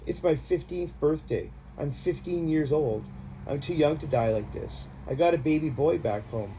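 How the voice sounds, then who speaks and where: A man's voice: on the high side, expressive, normal speed, warm tone, a little hiss or hum, voice pushed up, low-quality recording. A man voicing a panicked teenage boy soldier. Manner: sobbing, pleading. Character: panicked fifteen-year-old boy soldier.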